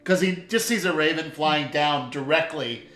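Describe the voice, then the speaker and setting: Lively dm guy, bright slightly high voice, echoey room. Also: moderate pace, faint music behind. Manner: animated, laughing storyteller. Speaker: game master. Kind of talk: narrating a tabletop game.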